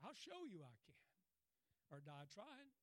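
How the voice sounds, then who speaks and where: A man's voice: sits high, wildly swooping pitch, measured pace. A man preaching a sermon in a folksy way, telling stories and often breaking off to say "Amen" and "Praise God" with a chuckle.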